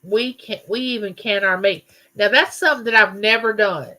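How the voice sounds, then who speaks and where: A woman's voice: mid-range voice, moderate pace, pushed and bright. A middle-aged woman, hosting a livestream in a chatty, folksy way and reading viewer comments aloud. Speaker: livestream host. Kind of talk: casual live chat reading viewer comments.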